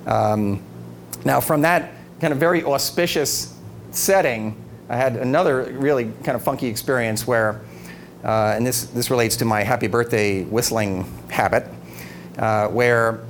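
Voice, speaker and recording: In an unhurried, medium-pitched voice, a middle-aged man delivers a humorous storytelling speech to an evening audience. He tells his stories with animation, laughs a lot, and acts out quotes. The live recording is noisy, with audible background noise.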